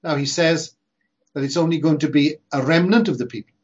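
A preacher delivers an emphatic sermon, leaning hard on slow, repeated phrases. His voice is somewhat husky and sits a little high. The recording sounds dull and lo-fi. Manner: earnest, emphatic preaching with slow stressed repetitions.

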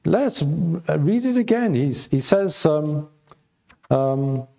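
Older man, preacher, slow sermon delivery, halting with many fillers, emphatic repetition. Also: on the high side, expressive, gravelly, dark tone. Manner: emphatic repetition when reading scripture aloud.

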